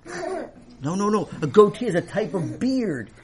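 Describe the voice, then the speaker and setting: A man voicing a gentle, patient father who quietly explains things to his young son in a children's story. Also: huge pitch swings, exaggerated voice. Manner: soft, low and patient, explaining slowly.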